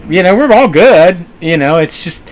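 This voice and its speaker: A man's voice: high voice, lively intonation, moderate pace, a crowd in the background. Earnest storytelling man. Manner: earnest storyteller, many fillers and restarts. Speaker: restaurant co-owner. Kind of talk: casual interview chat.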